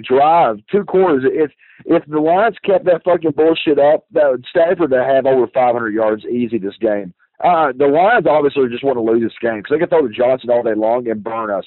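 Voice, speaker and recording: A man's voice: medium pitch, dry recording. Furious cursing male caller on a phone line. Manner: profane, furious ranting. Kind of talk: angry fan rant over the phone. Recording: tinny phone line, dry.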